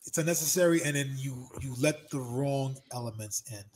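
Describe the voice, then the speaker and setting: A man's voice: mid-range voice, a little fast, a little hiss or hum. A man talking as an interview guest, telling stories emphatically and repeating himself for effect. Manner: emphatic, animated storytelling with repeated phrases. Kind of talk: casual interview talk.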